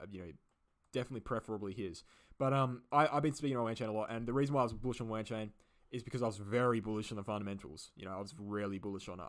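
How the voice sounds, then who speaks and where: An Australian man hosting a live stream, answering viewer questions in a rambling way, full of fillers and repeated phrases. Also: on the low side. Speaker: crypto channel host.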